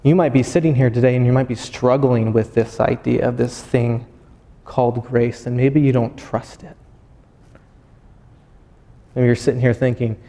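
A man's voice: medium pitch, steady tone, normal speed, pauses often, warm tone. A man in his thirties giving a sermon, earnest and personal, often restarting his phrases. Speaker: pastor. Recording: hall with long reverb.

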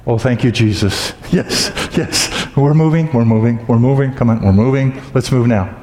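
A man preaching a sermon as pastor, telling stories with humor and acting out loud exclamations. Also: mid-range voice, moderate pace. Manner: humorous storytelling, acts out exclamations. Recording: echoey hall with long reverb.

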